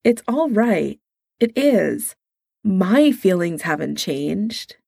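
A woman's voice: mid-range voice, big pitch swings, takes it slowly, creaky, mellow, husky, no echo, clean studio sound, full character voice. A woman voicing an earnest, loyal team leader who speaks sincerely. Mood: reassuring.

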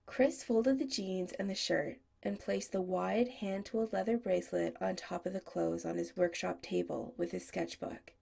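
Gravelly woman reading a story. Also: on the low side, steady tone, moderate pace, few pauses, mellow. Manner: storytelling with voiced characters. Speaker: narrator. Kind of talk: audiobook reading.

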